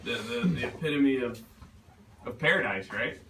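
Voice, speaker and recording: A man, the author, answering questions at a bookstore reading, halting and restarting often and laughing easily. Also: medium pitch, expressive, vocal fry, pushed and bright, slight background noise. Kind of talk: casual Q&A at a book reading. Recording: roomy distant live recording.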